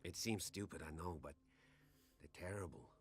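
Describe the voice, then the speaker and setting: Troubled soldier patient in a game, very deep voice, hesitant delivery. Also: male voice, expressive, moderate pace, music in the background. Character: haunted young soldier patient, anxious and sleepless.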